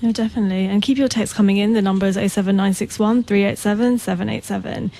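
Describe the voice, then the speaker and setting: A woman's voice: medium pitch, fairly even intonation, quick pace, vocal fry, warm tone. A woman hosting a radio interview in a studio, polite and encouraging, with hesitant fillers. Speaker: radio host.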